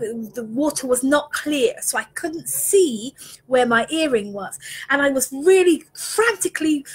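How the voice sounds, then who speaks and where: A woman leadership coach telling a personal story in an earnest, animated way. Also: sits high, slightly rough.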